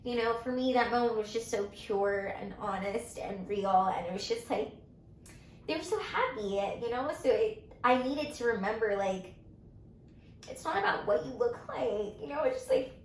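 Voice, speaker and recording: A woman's voice: on the high side, lively intonation, normal speed, roomy sound, a little hiss or hum, poor audio. A woman in her twenties co-hosting a casual chat, sharing a personal story with many fillers and growing emotion. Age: 20s. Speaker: co-host. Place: indoors, getting ready with makeup.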